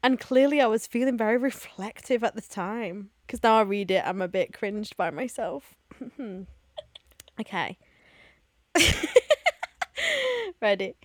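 A woman's voice: mid-range voice, unhurried, pauses often, no room sound, clean studio sound. A woman in her twenties co-hosting a podcast, chatty and giggly, telling stories with lots of animation. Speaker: podcast co-host. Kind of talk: casual chat.

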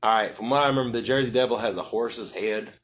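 Man, podcast host, lowish voice, joking, profane, rambling, faint background hum. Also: fast talker, fairly bright tone. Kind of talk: casual interview chat.

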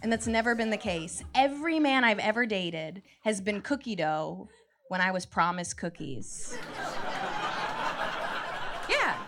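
A woman's voice: mid-range voice, moderate pace, crowd noise. A woman in her thirties doing a stand-up comedy set, telling wry, self-mocking stories that build to punchlines. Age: 30s. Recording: noisy live stand-up recording.

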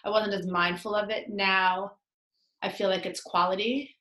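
A woman's voice: mid-range voice, little pitch movement, moderate pace, sharp tone, reverberant, rough recording. A middle-aged woman with a nasal voice, a divorce lawyer and coach answering interview questions in a chatty, upbeat way, laughing often and using many fillers.

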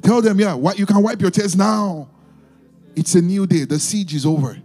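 A man's voice: high voice, moderate pace, darkish tone, husky, soft background music. A man preaching a fervent sermon, reading scripture and calling on the congregation to respond.

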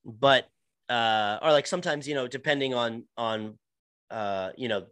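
A man's voice: mid-range voice, measured pace, fairly bright tone, clean tone, dry recording. A young adult man, an actor, chatting casually on a podcast, rambling with lots of restarts and fillers.

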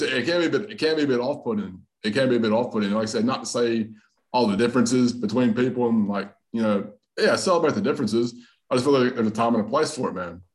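Chill comic dude on a podcast, easygoing mid pitched voice, keeps saying man and bro. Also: low-quality recording. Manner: rambling, laid-back, says "man" and "bro" often. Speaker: podcast guest, comedian. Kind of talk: casual chat.

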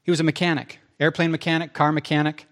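Guy preaching his testimony, animated, keeps cutting himself off, kinda high voice. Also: fast talker. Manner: animated, self-interrupting, acts out quotes. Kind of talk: testimony storytelling.

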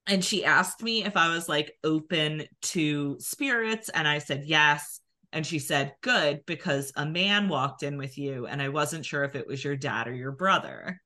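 Low-voiced bright Philadelphia-accented woman. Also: a little slow. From New Jersey near Philadelphia. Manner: chatty storytelling, many "like" fillers. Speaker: podcast co-host. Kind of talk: casual chat.

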